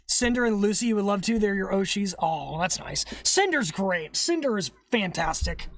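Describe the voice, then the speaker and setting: A streamer chatting on a live stream, voice close and dry with almost no room sound. They ramble, lose the thread, restart and curse at chat's interruptions. Coughs and throat-clearing break up their speech. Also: mid-range voice, animated, measured pace, pauses often, no room sound. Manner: rambling, loses train of thought, restarts, swears. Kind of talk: casual stream chat. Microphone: streaming setup, private call.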